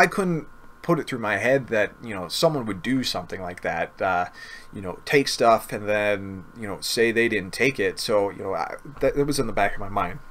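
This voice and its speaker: A man's voice: medium pitch, fairly bright tone. A man casually telling a personal story to camera, earnest and often repeating himself or stumbling over words. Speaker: gaming video creator.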